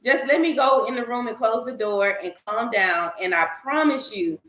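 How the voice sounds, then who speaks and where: A woman's voice: a little high, normal speed, noisy background. A woman on a discussion panel talking earnestly and emphatically, explaining her views at length in a candid group conversation. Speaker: panel guest. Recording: echoey room.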